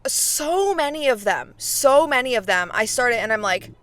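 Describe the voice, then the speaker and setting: A woman's voice: on the high side, expressive, moderate pace, fairly bright tone, no echo. A woman in her twenties, talking casually and directly to her viewers as a faith vlogger, full of fillers. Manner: chatty, frequent fillers, talks straight to viewers. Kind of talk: casual chat.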